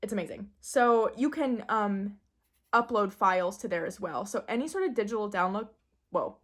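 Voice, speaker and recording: A woman in casual, excitable chat, gushing and giggling as she shows off a new deck. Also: medium pitch, normal speed. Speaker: tarot deck reviewer.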